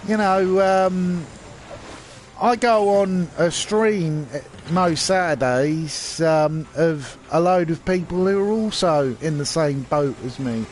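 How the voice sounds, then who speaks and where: Sarcastic man, high voice, ranting. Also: slow pace, a little hiss or hum. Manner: rambling, sarcastic, many restarts and fillers. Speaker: channel host. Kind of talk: casual rant to camera.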